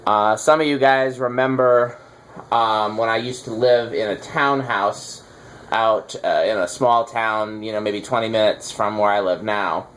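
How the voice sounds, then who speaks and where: This fan collector host speaks in a fairly low, fairly bright voice, keeping his intonation mostly even and his pace unhurried. He rambles, teases, and leans on lots of fillers during a laid-back chat while trying out ceiling fans, with a little background noise audible.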